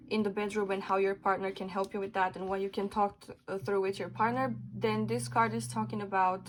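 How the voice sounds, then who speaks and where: A woman's voice: mid-range voice, poor audio. A woman doing a pick-a-card tarot reading for her viewers, talking earnestly and bluntly, sometimes swearing for emphasis. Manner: asks spirit questions aloud while pulling cards. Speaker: tarot reader.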